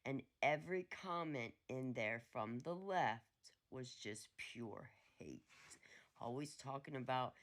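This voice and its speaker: A man's voice: mid-range voice, animated, slow pace, a bit bright. A man giving blunt, sarcastic casual commentary to his viewers.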